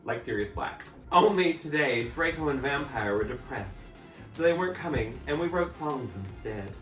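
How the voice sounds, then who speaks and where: A man's voice: a little high, expressive, normal speed, a bit bright. A man, a drag performer, giving a campy, comic dramatic reading of a fanfic and breaking into laughter. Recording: echoey room, mic at a distance, faint music.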